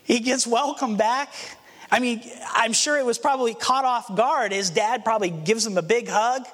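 A man's voice: extremely high pitch, moderate pace, a bit bright. A pastor preaching a sermon, earnest and storytelling, acting out the scenes he describes. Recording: long hall reverb.

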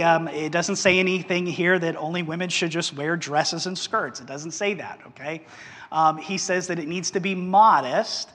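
Male pastor, informal sermon delivery, light upper-middle pitch, long hall reverb. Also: bright, forceful tone. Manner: conversational preaching with frequent "okay?" and "uh" fillers.

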